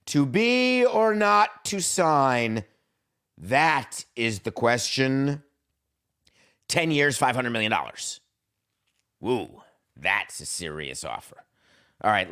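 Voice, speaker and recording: A middle-aged man hosting a solo sports podcast, talking in a jokey, theatrical way and swinging his pitch up for emphasis. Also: sharp tone. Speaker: podcast host.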